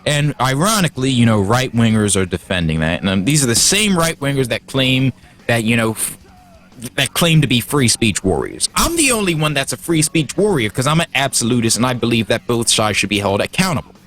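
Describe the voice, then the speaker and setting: A man's voice: mid-range voice, big pitch swings, a little fast, a bit bright, soft background music. A man hosting a livestream, heated and profane, stumbling over restarts as he gets worked up. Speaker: livestream host. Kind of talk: casual livestream rant.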